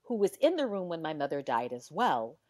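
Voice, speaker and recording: A middle-aged woman with a somewhat low voice recounts a personal story in easy conversation. She is animated and emotional, acting out the dialogue and at times dropping almost to a whisper. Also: brisk. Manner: animated, acts out dialogue, sometimes drops to a hush; heartfelt and emotional. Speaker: guest telling a personal story.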